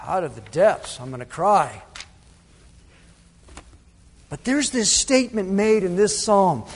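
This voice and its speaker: High-voiced pastor preaching in a reverberant hall. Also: male voice, lively intonation, takes it slowly, slightly rough. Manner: dramatic, shifting between loud emphasis and hushed asides. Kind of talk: sermon. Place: church sanctuary.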